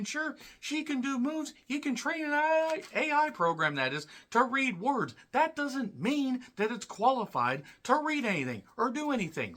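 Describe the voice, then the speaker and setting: Ranting man with a lively, bright voice. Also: very high-pitched. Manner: ranting, blunt and profane; clears his throat often. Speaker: wrestling show reviewer. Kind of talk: solo review monologue.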